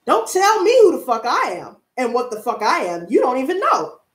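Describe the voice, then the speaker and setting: Profane, animated woman in her twenties. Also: high-pitched, normal speed, roomy sound. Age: 20s. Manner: blunt, profane and heated, ranting and laughing. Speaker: tarot reader and streamer. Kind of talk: casual livestream chat.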